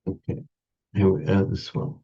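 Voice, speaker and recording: A man's voice: normal speed, dark tone. A man teaching a language class, lecturing in a digressive way with frequent stammered restarts and wry asides. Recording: dull lo-fi recording.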